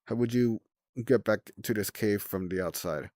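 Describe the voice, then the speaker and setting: A man's voice: lowish voice, moderate pace, darkish tone, no room sound, clean studio sound, close to an everyday voice. A man voicing an anxious, bookish young male night dragonet in a storybook, with a questioning delivery.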